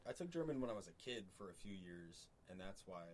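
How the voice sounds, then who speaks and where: A man in relaxed casual chat, speaking loosely with lots of "like". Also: low-pitched, quick pace, slight background noise. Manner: relaxed, laid-back, peppered with "like".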